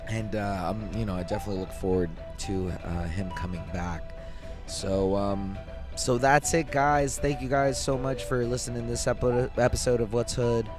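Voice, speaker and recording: A sleepy man fills in as a podcast host late at night, his voice sitting a little low. He rambles and restarts his sentences, padding them with fillers. Clear music plays underneath his talk. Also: steady tone, moderate pace. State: tired, yawning late at night. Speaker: fill-in podcast host and producer. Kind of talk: casual solo podcast talk.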